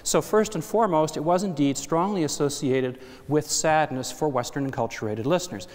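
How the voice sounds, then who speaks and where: A man's voice: a little high, fairly quick, darkish tone. A man giving an academic lecture to an audience, explaining step by step with asides and self-corrections. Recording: hall reverb.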